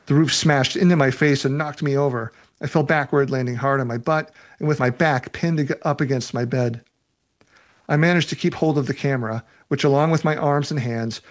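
A man who writes novels reads aloud from his book and answers reader questions in a relaxed way, laughing often. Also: mid-range voice. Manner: relaxed, laughs often, uses fillers such as "you know".

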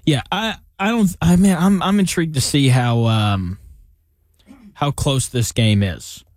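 A man co-hosting a casual sports podcast, animated and self-mocking, with many restarts. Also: medium pitch, a little slow, no echo, studio quality.

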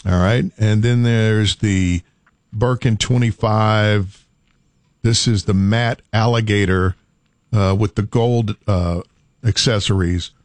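A man's voice: on the low side, steady tone, slow pace, dry recording. Brief: male talk host, playful storytelling, dry voice. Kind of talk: casual talk show chat.

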